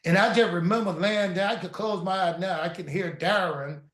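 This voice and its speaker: A man guest in a casual interview, telling animated stories and acting out quoted dialogue. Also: sits high, moderate pace. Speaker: guest storyteller. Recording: echoey room.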